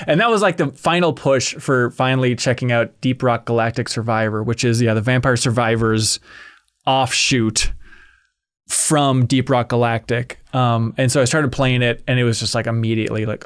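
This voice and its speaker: A man's voice: medium pitch, moderate pace, clear, resonant tone. A man hosting a casual roundtable games chat, talking loosely with lots of fillers and restarts. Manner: chatty, many fillers and restarts. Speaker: podcast host.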